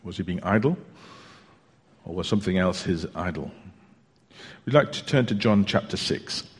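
A preacher talks through a sermon in a relaxed, chatty way, pausing and restarting as he goes. His voice sits low and slightly husky. The sound carries a long reverb from the church hall. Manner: chatty, unhurried storytelling with hesitations. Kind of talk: sermon with a joke.

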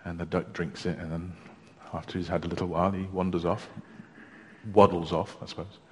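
A man preaching a sermon in a church, telling stories in a chatty, unhurried way with small hesitations. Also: low-pitched, flat delivery, slight background noise. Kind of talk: sermon with a joke. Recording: long reverb of a church hall.

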